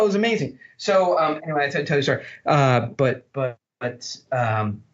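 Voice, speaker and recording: A man talking as a podcast guest, telling blunt, animated stories and swearing freely. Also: fairly high pitch, normal speed, lo-fi sound. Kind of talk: storytelling interview talk.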